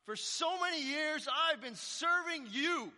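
A man's voice: mid-range voice, slow pace, sharp tone, voice pushed down, full character voice. A man voicing a resentful, indignant older brother who raises his voice in complaint, in an echoey hall. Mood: angry.

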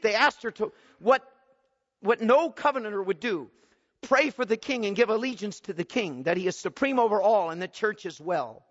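A man's voice: high voice, a bit bright. A man preaching a sermon, telling a martyr's story with rising, impassioned appeals. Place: church. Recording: dull recording with long church reverb.

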